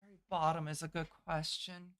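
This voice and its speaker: A woman's voice: deep voice, little pitch movement, a little fast, fairly bright tone. A woman streaming a game, muttering to herself as she plans her build and swearing casually while she chats. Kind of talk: casual gameplay commentary.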